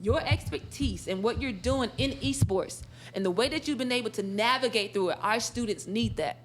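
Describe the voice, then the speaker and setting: A woman voicing a quoted, energetic male college administrator who talks fast and persuasively. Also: on the high side, a little hiss or hum, lightly acted. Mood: enthusiastic. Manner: rapid, upbeat, persuasive.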